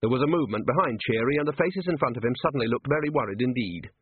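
A man reading a comic novel aloud as narrator, in a lively, expressive way. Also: medium pitch, racing, breathy edge, dry recording. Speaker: audiobook narrator. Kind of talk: scripted narration. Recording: tinny dry phone-like sound.

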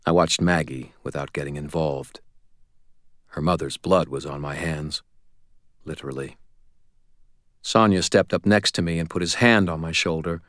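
A man reading a first-person audiobook in an even, understated manner. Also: a bass voice, moderate pace, long pauses, no echo, studio quality. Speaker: audiobook narrator.

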